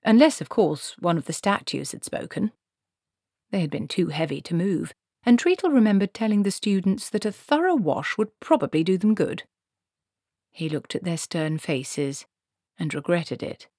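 A woman reading a comic fantasy novel aloud in a wry, expressive storytelling manner. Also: lowish voice, normal speed, no echo, studio quality. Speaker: audiobook narrator. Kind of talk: scripted narration.

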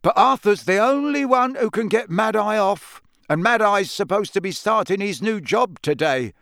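A man reads a harried middle-aged wizard official in a storybook, pressing and complaining. The voice sits a little high and sounds dry and close. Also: expressive, normal speed, fairly bright tone, no room sound. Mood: apologetic.

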